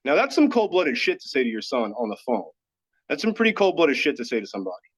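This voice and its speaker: A man's voice: mid-range voice, big pitch swings, fast, slightly rough. A man from Dallas, Texas, telling a personal story as a podcast guest, earnest and candid, with lots of "like". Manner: earnest, candid, filler-heavy with frequent "like". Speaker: podcast guest, yoga teacher. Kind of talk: personal storytelling in casual chat. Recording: dull lo-fi audio.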